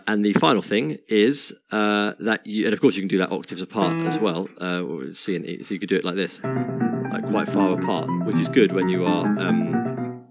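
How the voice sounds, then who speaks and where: A man with a very low voice gives a casual piano lesson, talking easily and counting beats aloud while he plays. Loud piano keeps sounding behind his voice. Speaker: piano teacher. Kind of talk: casual instructional talk over piano playing.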